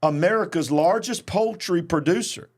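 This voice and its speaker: Animated preacher hosting the news. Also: male voice, fairly high pitch, normal speed. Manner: animated, reads news then comments emphatically. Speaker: host and preacher. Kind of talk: news commentary talk show.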